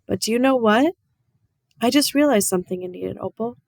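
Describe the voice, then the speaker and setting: Soft-spoken tired preacher dad in a storybook reading, voiced by a woman, earnest and plain. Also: on the high side, a little fast, vocal fry, no echo, studio quality, pitched above the performer's own voice. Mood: tender. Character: gentle, weary small-town preacher father.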